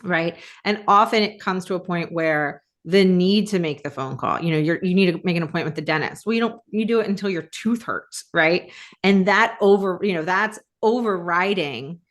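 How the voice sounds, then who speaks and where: A woman co-hosting a podcast in casual chat, animated and quick to restart her sentences. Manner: animated, restarts often, jumps up in pitch. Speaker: podcast co-host.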